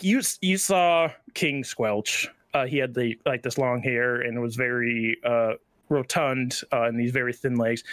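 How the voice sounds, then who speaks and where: A man's voice: mid-range voice, a bit bright, no room sound. A man narrating a tabletop game as game master, describing scenes loosely with many fillers.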